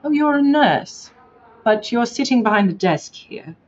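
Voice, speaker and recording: A woman's voice: on the high side, lively intonation, unhurried, voice pushed up. A woman voicing a pompous, genteel British lady who poses as a journalist and condescendingly calls people dear, on a dull lo-fi recording. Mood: insistent.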